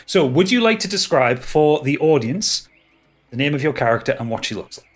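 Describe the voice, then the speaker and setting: A man's voice: a little high, big pitch swings, brisk. A man running a tabletop game as game master, often stammering and restarting his sentences.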